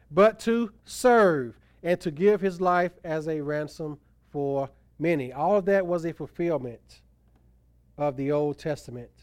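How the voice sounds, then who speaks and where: A pastor preaches with emphatic swells, his voice slightly high and smooth. The sound is close and dry, with little room around it. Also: dry recording. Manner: emphatic preaching, voice rising and falling for stress. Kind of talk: sermon.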